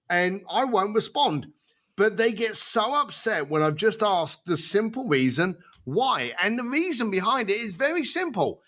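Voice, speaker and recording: A man telling stories as a podcast guest, voice set a little high and very bright. He swings his pitch widely and acts out other people's voices as he goes. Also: very animated, normal speed. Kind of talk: storytelling in a podcast interview.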